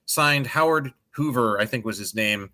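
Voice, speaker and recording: A man's voice: mid-range voice, normal speed, bright, forceful tone. A middle-aged man co-hosting a podcast in casual chat, ranting with profanity and sarcasm. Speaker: podcast co-host.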